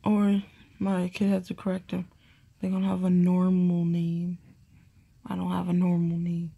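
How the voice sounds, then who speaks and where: A woman's voice: lowish voice, monotone, a little slow, creaky, dark tone, slightly rough. A young woman vlogging in a playful, rambling casual monologue, with lots of "like" and sing-song bits. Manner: playful, repeats her name in sing-song; heavy use of "like".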